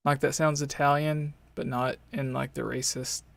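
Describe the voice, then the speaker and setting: A man's voice: mid-range voice, level tone, moderate pace, creaky, a bit bright, no room sound. A man co-hosting a casual podcast, talking in a laid-back, hesitant way with fillers. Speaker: podcast co-host.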